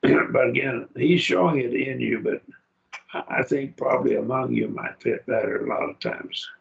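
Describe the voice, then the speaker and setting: A man teaching a Greek grammar class, who speaks slowly and repeats each word form aloud to model how it is pronounced. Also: mid-range voice, gravelly, highs cut off. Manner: slow, repeats words aloud to model pronunciation. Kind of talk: classroom lecture. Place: church classroom.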